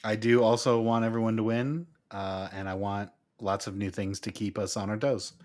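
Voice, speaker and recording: A man co-hosting a casual gaming podcast, relaxed and teasing, laughing often. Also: lowish voice, normal speed. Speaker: podcast co-host.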